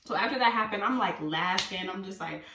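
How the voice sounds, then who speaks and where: A woman vlogger in a casual storytime, talking at a middling pitch. She is animated, swears freely and throws herself into acting out her own panic. Her voice sits back from the mic, with a roomy echo around it. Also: brisk, far from the mic. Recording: roomy sound from away from the mic.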